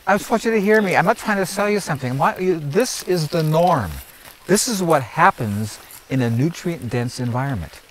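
A man's voice: on the high side, animated, normal speed, a little hiss or hum, low-quality recording. Emphatic man leading an outdoor garden tour. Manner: emphatic and preachy, repeats phrases, asks "are you hearing me?". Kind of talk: outdoor teaching talk to a group.

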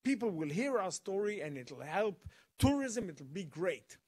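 A man voicing a French woodland guard, a loud and insistent man who fires off questions. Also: fairly high pitch, lively intonation, moderate pace, slightly rough. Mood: eager.

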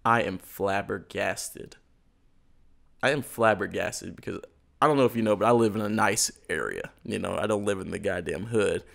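A man's voice: on the low side, lively intonation, a little fast, vocal fry. A man co-hosting a podcast, telling a story in casual chat, laughing, swearing freely and acting out the people in it. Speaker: podcast co-host.

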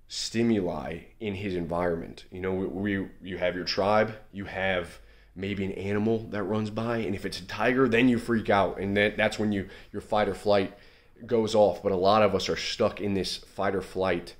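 A young man giving casual motivational advice about confidence, earnest and full of fillers and restarts. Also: low voice. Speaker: men's self-improvement coach. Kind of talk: casual motivational talk to camera.

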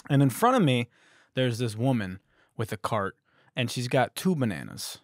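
A man in his thirties hosting a podcast, telling a comic story in a sarcastic, animated way. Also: medium pitch, normal speed, dry recording, studio quality. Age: 30s. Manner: sarcastic, animated, puts on voices for quoted people. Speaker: podcast host. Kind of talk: comedic storytelling monologue.

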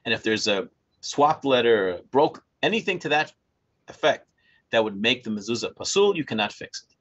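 An older man in his sixties, a Torah scribe, tells a story to a small group with a husky, slightly breathy voice. His pitch swings widely as he acts out dialogue, and he chuckles often while talking. The recording sounds dull and lo-fi. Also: sing-song, moderate pace, a bit bright.

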